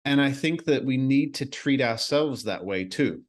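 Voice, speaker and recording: A man's voice: mid-range voice, lively intonation, a little slow. A man hosting a solo podcast, talking earnestly and reflectively in a casual way, with the odd swear word. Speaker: podcast host.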